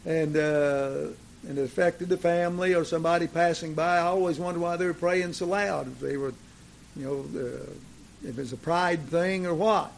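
A gravelly, fairly high-voiced man preaching. He climbs into loud, emphatic declarations and then settles back into homespun anecdotes. Faint noise hums behind him. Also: moderate pace. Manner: rises to emphatic declarations, then drops to folksy storytelling. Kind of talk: sermon.

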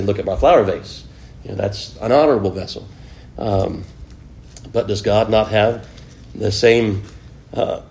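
The speaker is a man whose voice is on the low side, darkish, with vocal fry. In a relaxed Bible lesson he talks with his class, asks them questions, and pads his speech with many "you know"s, over slight background noise.

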